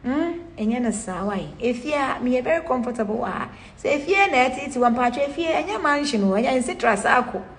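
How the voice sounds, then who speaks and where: A young celebrity woman with a Ghanaian accent gives a blunt home tour to camera, swearing and mixing Pidgin with Twi in casual, animated talk. Her voice is high with lively intonation, and she speaks briskly with few pauses over slight background noise.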